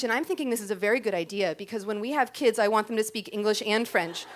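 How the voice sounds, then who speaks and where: A fast-talking woman with a medium-pitched voice barely pauses as she tells a personal story. She's on a small club's stage, speaking into a microphone before a live audience, and she keeps it chatty and self-deprecating, with lots of "um" and "like."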